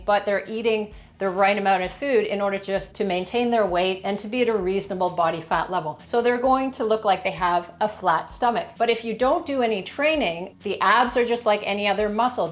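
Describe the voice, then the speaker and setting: A woman fitness coach speaks straight to her viewers at a mid-range pitch. She explains things clearly and step by step, tossing in rhetorical questions as she goes. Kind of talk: explaining to camera.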